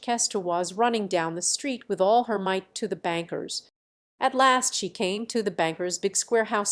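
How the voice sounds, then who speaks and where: A woman reading a classic fairy tale aloud as an audiobook narrator, expressive and lively. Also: medium pitch. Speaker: audiobook reader. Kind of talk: storybook narration.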